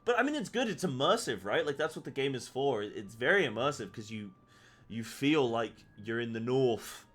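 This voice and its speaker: Male streamer, casual live gameplay chatter, excitable, mid-pitched. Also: moderate pace. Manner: chatty and excitable, talks to his chat. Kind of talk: casual live game commentary.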